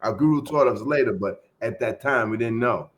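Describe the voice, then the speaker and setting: A middle-aged man telling a long story as a podcast guest in a relaxed, casual way, trailing off into fillers and acting out the voices of the people in it. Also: mid-range voice, normal speed. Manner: laid-back, acts out quoted voices, trails off into fillers.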